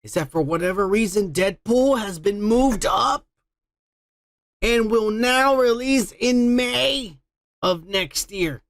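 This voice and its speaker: Podcast dude, kinda high voice, swears a lot, teases his cohost, dry sound. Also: animated, slow, no echo. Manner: crude, teasing, paraphrases others in quotes. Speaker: podcast co-host. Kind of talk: casual profane nerd-news banter.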